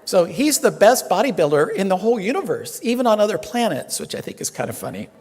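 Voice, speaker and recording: A reverend gives a relaxed, chatty sermon, joking with his congregation and pausing on plenty of fillers. His voice sits a little high for a man. The sound rings with the long reverb of a temple hall. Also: slightly rough. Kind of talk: casual sermon.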